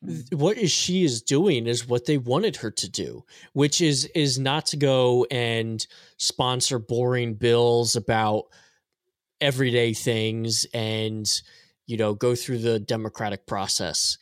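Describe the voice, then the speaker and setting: A man's voice: medium pitch, steady tone, slow, dry recording, clean studio sound. A man in a casual political podcast chat, talking bluntly with exasperation. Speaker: podcast panelist.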